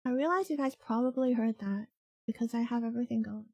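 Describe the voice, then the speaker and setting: A woman's voice: a little high, quick pace, vocal fry, warm tone. A woman from Hong Kong chatting casually with her live-stream chat, laughing often and reacting to viewers. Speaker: VTuber streamer.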